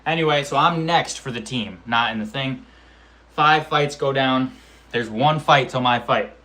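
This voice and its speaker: A man's voice: mid-range voice, measured pace. Slangy young man telling a fight story. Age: 20s. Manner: animated, slangy, profane storytelling with acted-out quotes and sound effects. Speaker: amateur MMA fighter vlogger. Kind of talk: casual storytelling vlog.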